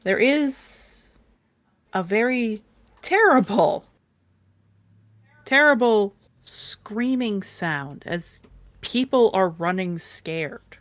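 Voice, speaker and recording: A woman narrating a tabletop game as game master, telling the scene in an animated storytelling way. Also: mid-range voice, extremely slow, pauses often, no echo. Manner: animated storyteller, hums while cueing music. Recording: faint background music.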